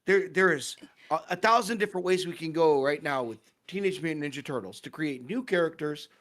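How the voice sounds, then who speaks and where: A young man from the United States with a fairly high voice rants on a casual talk stream. He peppers his talk with "like" and "um" and swears freely. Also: expressive, brisk, fairly bright tone. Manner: ranting, swearing, frequent fillers. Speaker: podcast co-host. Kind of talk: casual chat.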